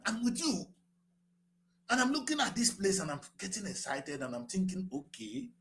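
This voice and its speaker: A middle-aged man with a Nigerian accent giving passionate political commentary, repeating himself and rising to shouts. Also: high voice. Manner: fiery, repetitive, rising to shouts. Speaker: current affairs show host.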